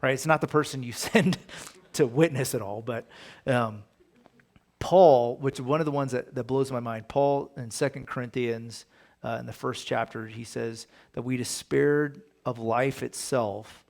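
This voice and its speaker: A man's voice: medium pitch, fairly even intonation, unhurried, gravelly, a little mellow. A man, a pastor, teaching a Bible study in a casual, conversational way, often asking his listeners rhetorical questions.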